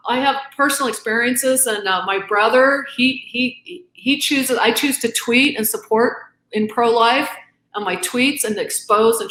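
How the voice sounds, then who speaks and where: This middle-aged woman, interviewed as a guest author, is earnest and emphatic, quoting arguments back and forth and playing out both sides. Her fairly high voice has a sharp tone, and the recording sounds roomy.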